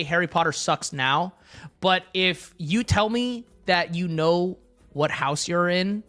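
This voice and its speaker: A man's voice: sits high, a bit bright. A young man streaming live, chatting casually with his chat in a blunt, crude, rambling way.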